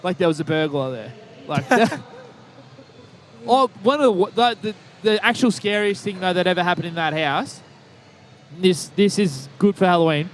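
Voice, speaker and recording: Man, podcast co-host, high voice, rambling profane storytelling, faint background noise. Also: animated, normal speed. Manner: rambling, profane, laughs at own stories. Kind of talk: casual storytelling chat.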